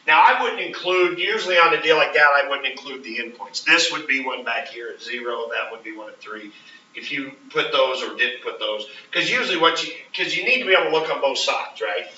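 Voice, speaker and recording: A man's voice: mid-range voice, expressive, brisk, pushed and bright, slight background noise. A man teaching calculus in a classroom, asking questions and checking in with students as he explains. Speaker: math teacher. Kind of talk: classroom lecture. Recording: roomy, distant, dull classroom recording.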